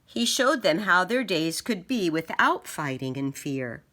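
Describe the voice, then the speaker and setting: A woman reading a children's picture book aloud, expressive and acting out sound effects. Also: fairly low pitch, a little slow. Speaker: storybook reader.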